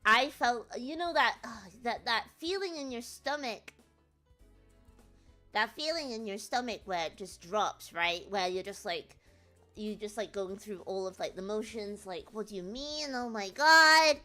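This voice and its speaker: A young woman, a streamer, rambling through an animated story with many fillers in casual chat. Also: mid-range voice, a little slow, soft background music. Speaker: VTuber streamer.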